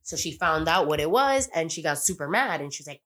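A woman's voice: sits low, big pitch swings, a little fast, fairly bright tone. A woman casually recapping a TV episode on a podcast, rambling, swearing freely and acting out the characters' lines. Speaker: podcast co-host.

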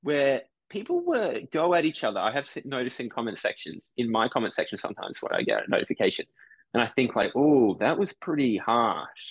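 A man's voice: medium pitch, sing-song, fast, a bit bright, husky, dry recording, muffled recording. A man from Brisbane, a podcast guest chatting casually, often correcting himself mid-sentence and acting out online commenters. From Brisbane, Australia. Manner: rambling, self-correcting, acts out online commenters.

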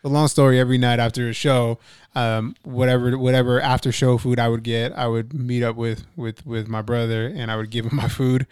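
A man's voice: medium pitch, little pitch movement, a little fast, darkish tone, clear, resonant tone, dry recording, studio quality. A young man hosting a podcast, chatting casually with his brother, laughing often and swearing freely. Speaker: podcast host. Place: studio.

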